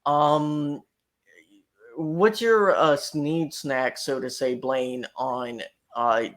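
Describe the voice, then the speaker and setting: A man's voice: on the high side, fairly even intonation, very slow, fairly bright tone. Easygoing male podcast host. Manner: easygoing, asks guests questions. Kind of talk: casual podcast chat.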